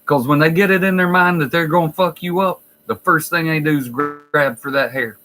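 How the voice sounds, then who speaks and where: A man's voice: a little high, normal speed, bright, forceful tone, faint music behind, poor audio. A man who works in a nursing home, telling stories in a blunt, profane, wry way. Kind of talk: casual storytelling vlog.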